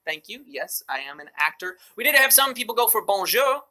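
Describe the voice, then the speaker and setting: A man's voice: sits high, lively intonation, a little fast, hardly any pauses, bright, forceful tone. A man hosting a live mobile trivia game show, upbeat and joking with playful asides.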